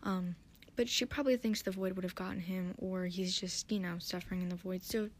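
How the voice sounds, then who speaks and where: A woman's voice: lowish voice, fairly even intonation, a little fast. A tired woman hosting a podcast, recapping an episode in a rambling, hesitant, self-deprecating way. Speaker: podcast host.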